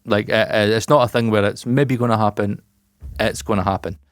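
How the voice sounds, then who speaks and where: A man's voice: fairly low pitch, fairly even intonation, brisk, dry recording, clean studio sound. A man co-hosting a podcast in loose, rambling casual chat, swearing and laughing often. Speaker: podcast co-host.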